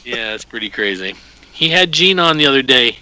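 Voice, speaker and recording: A man's voice: mid-range voice, animated, fairly quick, bright, forceful tone, rough recording. A man hosting a podcast trivia quiz in casual chat, joking and laughing as he reads out questions and answers.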